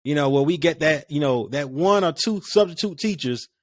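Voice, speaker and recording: A man's voice: on the high side, animated, moderate pace, no room sound. A man hosting a casual solo sports podcast, rambling with lots of fillers and restarts. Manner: rambling, conversational, many fillers.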